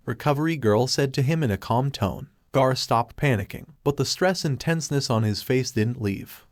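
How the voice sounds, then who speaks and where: A man narrating a fan fiction story in an even, steady read-aloud. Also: mid-range voice, normal speed, hardly any pauses, dry recording, clean studio sound.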